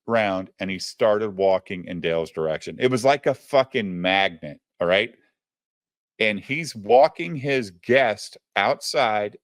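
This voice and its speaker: A man tells a story in a loose, chatty way, swearing freely and turning to his listener as he talks. His voice sits fairly low. It is recorded close and dry, with no room sound. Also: dry recording. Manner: profane, animated, addresses the listener directly. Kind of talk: casual storytelling.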